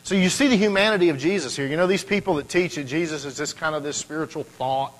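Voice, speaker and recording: A man's voice: a little high, fast, poor audio. A man preaching a sermon, talking conversationally and building to emphatic peaks. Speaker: pastor.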